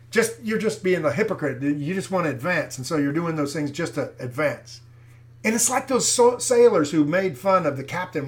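An older man with a high voice preaches his commentary straight to his viewers. He hammers his points home by repeating phrases and keeps calling his listeners folks. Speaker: Christian commentator.

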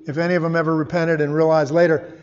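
High-voiced preacher man in a reverberant hall. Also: fast talker, clear, resonant tone. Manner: expressive Bible reading, dramatic emphasis on quotes. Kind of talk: sermon. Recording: dull sound with long hall reverb.

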